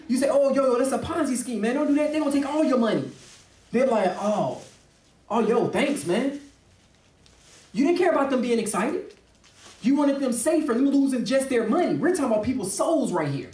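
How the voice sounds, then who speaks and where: Fast-talking emphatic male preacher. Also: very high voice, very animated, darkish tone. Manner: emphatic, acts out quoted voices. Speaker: pastor. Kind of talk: impassioned preaching in discussion. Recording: roomy, distant mic.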